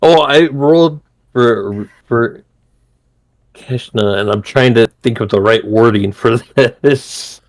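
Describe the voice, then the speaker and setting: A man playing a tabletop game, who chuckles often while describing his character. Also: mid-range voice. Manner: laughs often, speaks slowly with pauses. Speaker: player.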